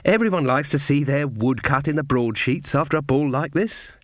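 A man's voice: a little high, moderate pace, dry recording, studio quality, close to an everyday voice. A man reading aloud voices a small, shy, bald man who speaks hesitantly.

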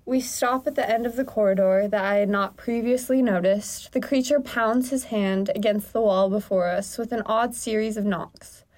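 A woman co-hosting a comedy podcast reads a silly romance story aloud, hamming it up melodramatically and breaking into laughter. Her voice is medium-pitched and a little mellow, moving at a moderate pace with few pauses.

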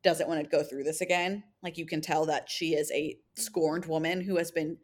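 A young woman in her twenties recaps a show for her co-host with a slightly low voice. She talks loosely and acts out quotes, filling her sentences with little verbal fillers. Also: moderate pace. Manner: animated retelling, acts out quotes, many "like" fillers. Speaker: podcast co-host. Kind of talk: casual chat recapping a reality show.

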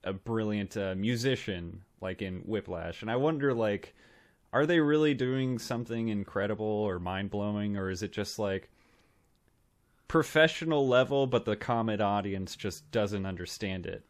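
A man's voice: on the low side, normal speed. A man co-hosting a podcast in casual chat, joking, rambling and laughing often. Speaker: podcast co-host.

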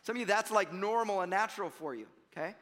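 A young man preaching from the front of a church, his voice high and bright. He talks casually to the congregation, then punches key lines loudly before dropping to near-quiet asides. The sound carries a long hall reverb. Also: quick pace. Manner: animated, conversational preaching with shifts between loud emphasis and quiet asides. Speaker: pastor. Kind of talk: sermon.

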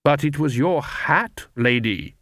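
A man reading an audiobook voices a calm, secretive older swamp witch who speaks slowly and deliberately. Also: fairly high pitch, no room sound, studio quality. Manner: slow, deliberate, unhurried. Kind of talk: audiobook character voice.

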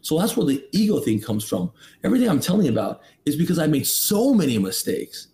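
A man's voice: on the high side, sing-song, fast talker, mellow. A man in his thirties, a podcast guest, telling a personal story with emphatic, preachy rhetorical questions. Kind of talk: candid motivational storytelling.

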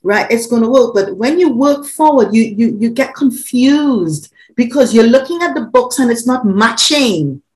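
A woman, talking as a parenting coach in an animated, laughing way. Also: on the high side, normal speed, few pauses, low-quality recording. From Trinidad. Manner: animated, laughs often, repeats words when excited. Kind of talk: conversational interview.

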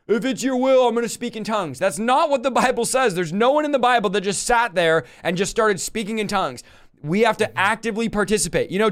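A man's voice: high voice, a bit bright. A man preaching energetically on a livestream from his desk, quoting scripture and laying out numbered steps. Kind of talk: livestream teaching. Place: home desk.

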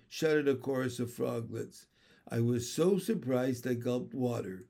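A man reading a children's novel aloud, dropping to a low, quiet voice for the narration. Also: expressive, measured pace, vocal fry. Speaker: storyteller.

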